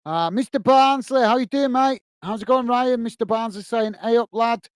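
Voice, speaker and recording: A man's voice: very high voice, moderate pace, clean tone, dry recording. A man hosting a live football watch-along, chatting casually between match commentary and reading viewers' messages, with rambling self-corrections and a friendly "mate" manner.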